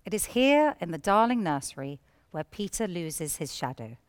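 A woman presenting a poetry programme, giving scripted introductions to each poem in an expressive storytelling tone. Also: fairly low pitch, moderate pace, clear, resonant tone.

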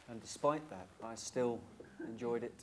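A man's voice: medium pitch, unhurried, music in the background. A man, an actor, telling an anecdote on a stage panel in a dry, understated way.

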